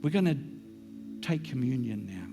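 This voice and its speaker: A middle-aged male pastor preaching a sermon in a church, sometimes dropping into hushed whispers for emphasis. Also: mid-range voice, animated, normal speed, over music.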